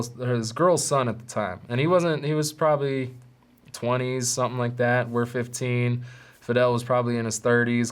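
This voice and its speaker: Man telling a story, casual and slangy. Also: mid-range voice. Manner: animated, profane, slangy storytelling. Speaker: podcast host.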